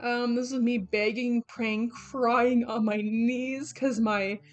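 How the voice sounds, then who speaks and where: Slow-paced and fairly even in intonation, a young adult woman with a slightly high voice talks through her sketchbook on a lo-fi recording. This artist vlogger rambles casually with fillers and self-corrections while faint game music plays.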